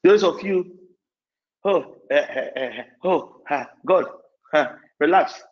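A man preaching an evening sermon in an emotional, repetitive way, with sudden shouts. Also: fairly high pitch, takes it slowly, muffled recording.

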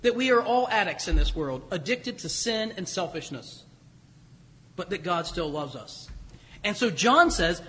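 A high-pitched male preacher delivers a sermon in a church, emphatic and repeating key phrases, slowing down for weight. His voice rolls out with a long reverb across the sanctuary. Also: fairly bright tone.

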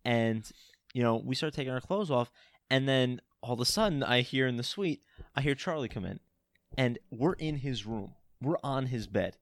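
A young man telling an animated, laughing story in casual chat among friends. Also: mid-range voice, moderate pace, no echo, clean studio sound.

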